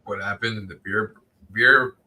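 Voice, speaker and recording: A man's voice: on the low side, moderate pace, sharp tone. A man whose first language is French, joking and teasing crudely while tasting beer in a casual chat.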